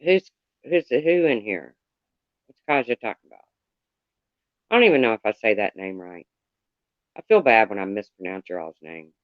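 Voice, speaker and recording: A man's voice: lowish voice, expressive, moderate pace, pauses often, no room sound, muffled recording. A man livestreaming in casual chat, rambling candidly and greeting viewers by name.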